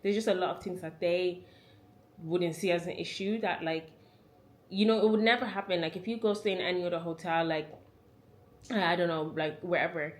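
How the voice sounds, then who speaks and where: A woman's voice: on the low side, moderate pace. A woman in her twenties with an Irish accent, telling a chatty travel story to camera, full of "like" fillers. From Ireland. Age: 20s. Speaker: travel vlogger.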